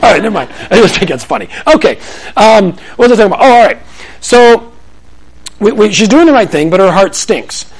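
A middle-aged man delivers a Christian parenting talk to a room of listeners, his voice pitched high and swinging widely. He slips into acted family dialogue and self-deprecating jokes as he makes his points. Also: brisk, slight background noise, rough recording. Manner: animated storytelling, acts out family dialogue; humorous, self-deprecating asides. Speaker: parenting speaker. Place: room with an audience.

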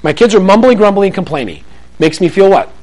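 A middle-aged man delivers a Christian parenting talk to a room of listeners, his voice pitched high and swinging widely. He slips into acted family dialogue and self-deprecating jokes as he makes his points. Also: fast talker, rough recording. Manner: animated storytelling, acts out family dialogue; humorous, self-deprecating asides. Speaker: parenting speaker. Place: room with an audience.

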